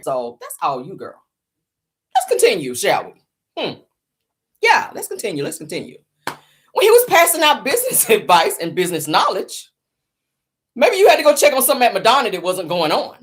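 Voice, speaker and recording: A middle-aged woman hosting a sassy celebrity gossip show, with a sarcastic, dramatic delivery and drawn-out emphasis. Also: mid-range voice. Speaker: host.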